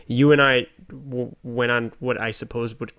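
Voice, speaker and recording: A man's voice: mid-range voice, fairly even intonation, measured pace, a bit bright, clean tone, no room sound. A man co-hosting a podcast in easygoing talk. He teases his friend with dry remarks and grows self-deprecating when he is put on the spot. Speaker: podcast co-host. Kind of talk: casual chat.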